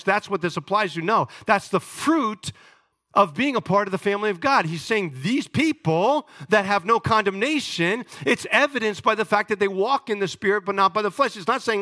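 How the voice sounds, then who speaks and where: Male pastor, high and bright, emphatic sermon delivery. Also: normal speed. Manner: emphatic, calls congregation to respond.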